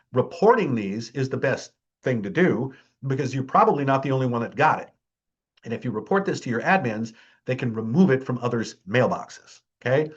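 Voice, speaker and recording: A man's voice: medium pitch, breathy edge, lo-fi sound. A man presenting a security awareness training. He talks in a chatty, emphatic way, keeps checking in with the audience, and mocks scams with dry humor. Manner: wry, mocking tone toward scams.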